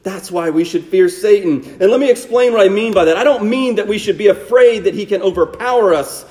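A man preaching a sermon, asking rhetorical tag questions and dropping to a hushed low voice for emphasis. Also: a little fast. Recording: long hall reverb.

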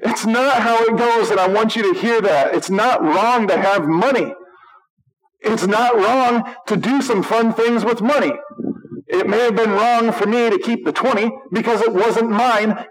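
A male pastor giving an animated, emphatic sermon, with humor and acted-out quotes. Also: sits high, poor audio.

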